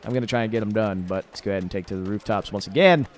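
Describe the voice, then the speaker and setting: A young man casually commenting over his own gameplay, chatty, swearing and reacting loudly to the fights on screen. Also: fairly low pitch, rapid-fire, slight background noise. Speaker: gamer doing a let's play. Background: game music and gunfire.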